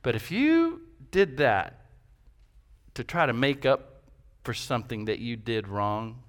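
A man's voice: medium pitch, sing-song, slow. A man preaching a sermon as pastor, emphatic, with rhetorical questions and repetition.

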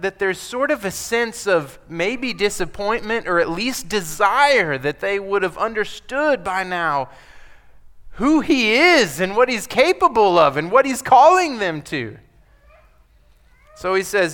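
Male pastor, sermon, bright forceful voice, slightly high, emphatic and conversational. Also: sing-song, a little slow. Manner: emphatic, conversational, acts out scripture quotes.

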